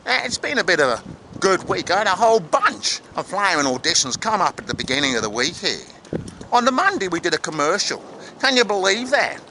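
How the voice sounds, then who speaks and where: A man's voice: high-pitched, big pitch swings, a little fast, sharp tone, a little hiss or hum, full character voice, poor audio. A man voicing a brash male Australian actor in London, slangy and blunt in a comic spoof vlog.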